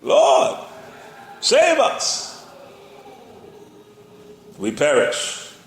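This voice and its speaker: A man's voice: very high voice, huge pitch swings, extremely slow, gravelly, voice pushed up, heavily acted. Brief: frightened sailors in a storm crying out shrilly, acted by a male preacher. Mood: panicked. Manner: shouting in alarm. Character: panicked disciples crying out in a storm. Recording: roomy echo.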